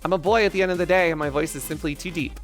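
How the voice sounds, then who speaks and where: A man's voice: fairly high pitch, rapid-fire, faint music behind. A man streaming live, joking crudely and rambling in banter with his chat.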